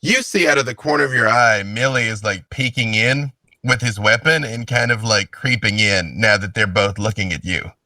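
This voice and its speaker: A man running a tabletop role-playing game as game master, narrating the scene with lively storytelling. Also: on the low side, normal speed, no echo.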